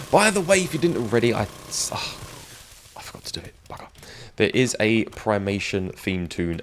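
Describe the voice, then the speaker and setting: A man's voice: sits low, a bit bright, rough recording. A man chatting and joking with viewers while he streams a game. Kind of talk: live gameplay stream chat. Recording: game sound noise behind.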